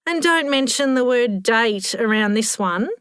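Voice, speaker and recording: A cheeky, sharp-tongued older mother, played by a woman reading a story, full of mischief. Her voice is a little raised and lively. The sound is dry and close. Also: a little high, unhurried, clean tone, no room sound, pitched above the performer's own voice. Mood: teasing. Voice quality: teasing, mischievous. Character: cheeky, fit older mother, quick-witted.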